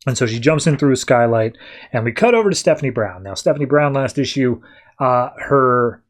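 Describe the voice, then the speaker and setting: A man's voice: mid-range voice, animated, fairly quick. A man hosting a podcast, casually and loosely retelling a comic story. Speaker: podcast host.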